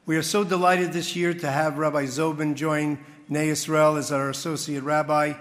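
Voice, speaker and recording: A man's voice: on the high side, little pitch movement, normal speed, fairly bright tone. A man speaking at a community dinner, thanking people and telling a parable, recorded in a large hall at a podium mic. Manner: tells a parable with a punchline. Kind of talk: after-dinner speech.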